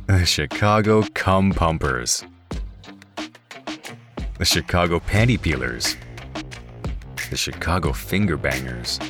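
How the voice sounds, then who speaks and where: A man with a very deep, low voice reads out a list at an unhurried pace, amused and often stifling laughter. Music plays clearly behind him. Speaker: guest reader. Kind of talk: reading a list aloud with laughter.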